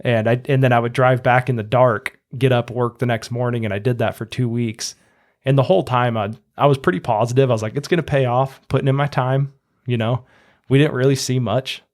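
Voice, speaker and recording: A man with a steady, mid-range, slightly mellow voice talks briskly as he hosts a podcast. He tells a long story in a chatty, casual way, acting out other people's words in a raised voice.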